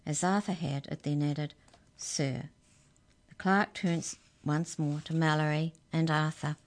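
A seasoned-sounding storyteller, this woman has a low voice and reads a children's tale at normal speed. Her delivery is clear and expressive, and she moves into the characters with ease.

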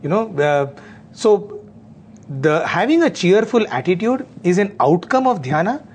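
A man talking earnestly in a spiritual discussion, often pausing with fillers. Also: high voice, big pitch swings, darkish tone, breathy edge.

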